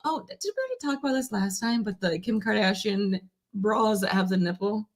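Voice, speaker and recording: A woman's voice: mid-range voice, expressive, brisk. A woman co-hosting a casual live stream, laughing often and telling rambling stories. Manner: giggly, rambling storyteller. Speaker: co-host.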